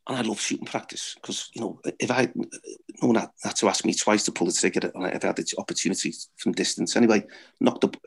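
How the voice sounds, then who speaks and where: A man's voice: fairly low pitch, quick pace, vocal fry, husky. A middle-aged man, a former footballer, telling blunt, swearing anecdotes and laughing at his own stories. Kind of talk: anecdotal storytelling.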